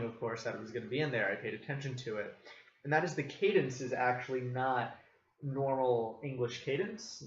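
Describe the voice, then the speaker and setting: Man, comic reviewer, casual rambling talk, lots of fillers, echoey room, muffled lo-fi audio. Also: mid-range voice. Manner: rambling, many fillers and self-corrections. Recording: roomy, dull lo-fi recording with faint noise.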